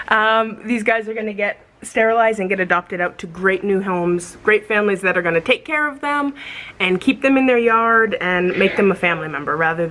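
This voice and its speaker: A young American woman vlogging casually about rescue puppies, chatty, sometimes breaking into high baby talk for the dogs. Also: fairly bright tone. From United States. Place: animal shelter, outdoors.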